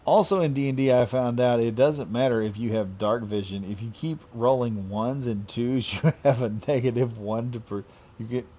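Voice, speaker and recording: A man's voice: medium pitch, moderate pace, mellow. A man chatting casually during a late-night game live stream, rambling loosely and chuckling often as he talks. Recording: slightly dull lo-fi audio.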